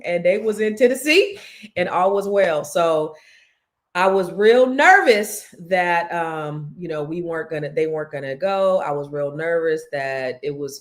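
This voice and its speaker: Middle-aged woman, podcast host, lower-pitched voice, chatty storytelling delivery. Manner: animated, chatty, with lots of restarts. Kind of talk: casual storytelling chat.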